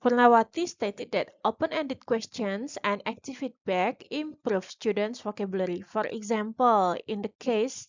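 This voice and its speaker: A young woman with an Indonesian accent giving an academic class presentation as a graduate student, halting with frequent restarts and fillers. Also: a little high, no echo, highs cut off.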